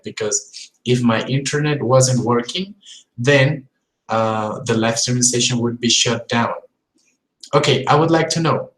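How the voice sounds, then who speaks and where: A male English teacher gives a live-streamed pronunciation lesson. He repeats sounds and words to demonstrate them and keeps checking in with his viewers. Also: mid-range voice. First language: Spanish. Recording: roomy echoey room.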